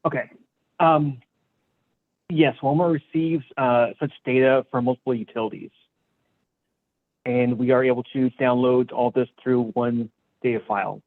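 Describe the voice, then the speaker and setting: A man's voice: mid-range voice, steady tone, measured pace, pauses often. A man testifying as an expert witness over a remote call, hesitant and full of fillers, his voice muffled. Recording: tinny muffled phone-like line.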